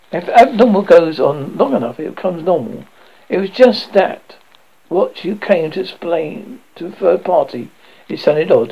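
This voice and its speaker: A man narrating a comic fantasy novel with a lively, expressive reading. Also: on the high side, vocal fry, breathy edge, muffled recording. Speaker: audiobook narrator.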